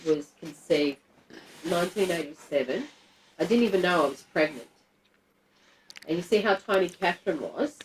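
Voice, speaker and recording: A woman's voice: low voice, slight background noise, low-quality recording. A middle-aged woman, telling a personal story to a group in a candid, blunt and emotional way, swearing freely. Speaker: guest telling her story.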